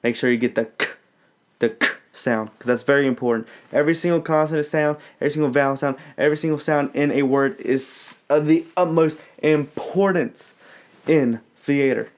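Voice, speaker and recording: A young man giving a casual tutorial on stage pronunciation, demonstrating tongue twisters slowly and clearly. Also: on the high side. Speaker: acting coach.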